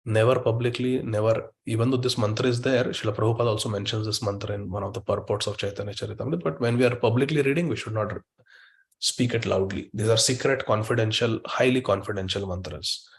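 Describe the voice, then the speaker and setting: A man's voice: on the low side, fast, gravelly. A man giving a devotional scripture class in an online meeting, emphatic and repeating words for stress. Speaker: spiritual teacher.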